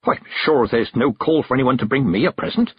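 A man's voice: medium pitch, fairly quick, slightly rough, dry recording, lo-fi sound, pitched above the performer's own voice, close to an everyday voice. A man voicing a proud, stern old woman witch with blunt country speech, in a storybook reading. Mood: dry, sharp.

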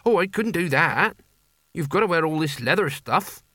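A man's voice: on the high side, expressive, moderate pace, bright, forceful tone, no echo, studio quality, voice pushed up. A man reading aloud, voicing a gangly, naive young man who earnestly wants to be a barbarian hero, in a raised voice. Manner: eager, earnest and chatty.

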